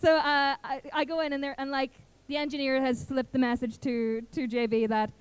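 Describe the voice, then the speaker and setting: A woman's voice: high-pitched, little pitch movement, brisk, clean tone, no echo. Bubbly young woman full of "like". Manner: bubbly, filler-heavy, laughing often. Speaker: guest voice actor. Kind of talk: casual convention panel storytelling. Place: convention panel room.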